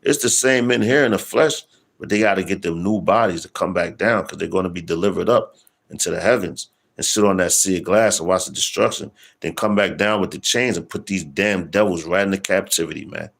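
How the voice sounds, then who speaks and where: A man preaching in a casual street style, slangy and profane, stopping to read scripture verses slowly with emphasis. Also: low-pitched, creaky, a bit bright.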